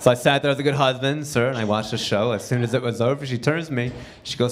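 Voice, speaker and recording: A man's voice: mid-range voice, fast, few pauses, slight background noise. A man performing a stand-up comedy set on a theater stage, talking in a conversational way and acting out quotes before the punchlines.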